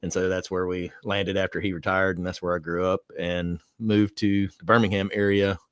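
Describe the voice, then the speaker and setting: A man's voice: low voice, level tone, moderate pace, a bit bright, clean tone, no room sound, clean studio sound. A middle-aged man from South Alabama with a Southern accent, chatting casually and telling stories as a guest on a whiskey livestream. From South Alabama, USA. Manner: chatty, storytelling, self-deprecating. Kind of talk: casual chat.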